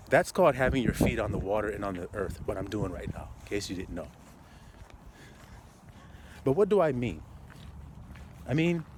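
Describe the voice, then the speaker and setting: Walking along a city street with his phone in hand, a medium-pitched man delivers an informal sermon to the camera over background noise. Frequent laughter, rhetorical questions, and long, drawn-out repetitions mark his style.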